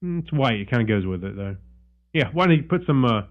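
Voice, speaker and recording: A male podcast co-host in casual chat, reading a news story aloud haltingly with many fillers and restarts. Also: mid-range voice, lively intonation, muffled recording.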